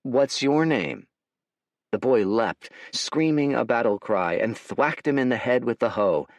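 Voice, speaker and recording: A man's voice: mid-range voice, normal speed, no echo. Wry male audiobook narrator. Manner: wry, animated storytelling. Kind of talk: scripted narration.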